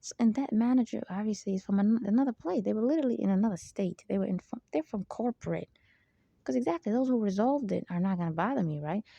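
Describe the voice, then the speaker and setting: Speaking fast and animatedly, this channel host has a gravelly, warm, medium-pitched voice on a muffled recording without echo. She wanders through a spiritual talk with emphasis and lots of side remarks, often dropping "there you go."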